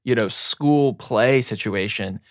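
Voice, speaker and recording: A podcast co-host chatting casually about a novel, relaxed and laughing, with lots of fillers. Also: mid-range voice, slow pace, dry recording, studio quality. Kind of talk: casual book discussion.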